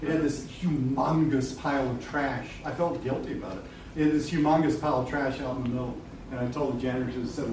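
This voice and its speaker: Here a middle-aged presenter runs a live webinar for a gathered audience, keeping it loose, honest and funny, with lots of swearing and laughter. His voice is medium in pitch, steady and fairly quick. The audio is distant and echoey, with noise in the background.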